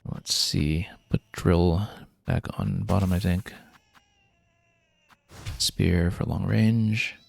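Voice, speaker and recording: A man's voice: low-pitched, steady tone, extremely slow, vocal fry, pauses often, slightly rough. A man streaming a video game, thinking aloud and planning his next moves with casual fillers. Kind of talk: casual gameplay commentary.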